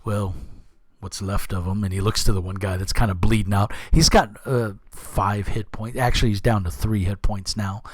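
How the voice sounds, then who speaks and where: A man's voice: lowish voice, no room sound. Dry-sounding male game master. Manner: relaxed, halting, repeats words. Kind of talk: narrating a tabletop game.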